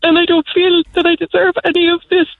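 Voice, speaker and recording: A woman calling in to a radio show, tearful, soft-spoken and grateful. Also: extremely high pitch, flat delivery, fast. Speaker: caller. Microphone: phone line. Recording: tinny phone line.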